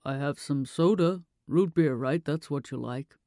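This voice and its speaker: A narrator voicing an aging father who grumbles, fusses over his daughter as a host and turns sharp. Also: fairly high pitch, measured pace, no echo, studio quality. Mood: fussing. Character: aging father, gruff, fussing, then angry.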